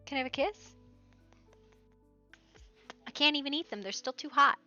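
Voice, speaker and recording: A woman streaming live, chatting casually with viewers, excitable and laughing, going loud and soft. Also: sits high, normal speed, gravelly, muffled recording, faint music behind.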